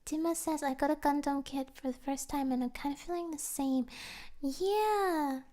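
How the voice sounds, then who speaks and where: Talking at a moderate pace in a high-pitched voice, a young female streamer chats with her live audience. She's gushy and giggly, dropping to soft whispers now and then.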